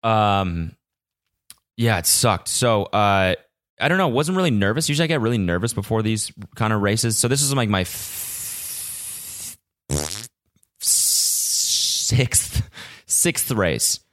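A young man with a slightly low voice rambles through a solo podcast from his apartment. He sounds frazzled and swears constantly, piling up restarts as he talks. He is picked up by a little vlog camera's built-in mic. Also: expressive, takes it slowly, long pauses, fairly bright tone. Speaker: podcast host. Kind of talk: casual solo podcast monologue. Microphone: small vlog camera mic.

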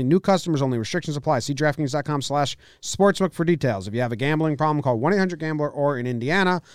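A man's voice: fairly high pitch, smooth, dry recording. A man co-hosting a sports podcast, talking in a dry, sarcastic way and joking through his ad reads. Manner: dry, sarcastic, repeats jokes. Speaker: podcast co-host. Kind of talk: casual sports chat.

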